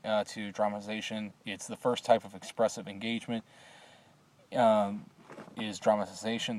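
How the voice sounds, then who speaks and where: A man's voice: lowish voice, darkish tone, a little hiss or hum. A man recording a class assignment on a phone, hesitant with many filler sounds, then reading a story aloud. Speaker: student.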